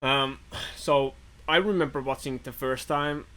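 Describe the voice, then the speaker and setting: Podcast guy, bright sharp voice, excited and laughing a lot. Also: mid-range voice, measured pace. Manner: chatty, laughs often, enthusiastic. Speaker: podcast co-host. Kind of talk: casual chat.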